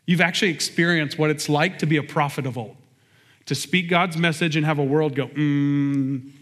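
A man preaching a sermon as a pastor, in an energetic, conversational way with quick asides. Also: fairly high pitch. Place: church sanctuary. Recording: long reverb of a large hall.

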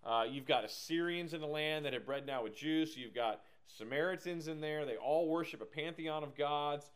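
Male Bible teacher, energetic and digressive, easygoing. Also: on the high side, normal speed, clear, resonant tone.

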